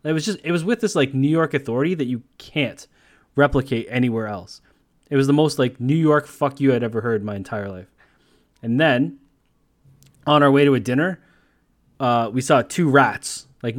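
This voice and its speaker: A man's voice: mid-range voice, moderate pace. A man co-hosting a podcast, telling long rambling stories in casual chat and swearing freely. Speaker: podcast co-host.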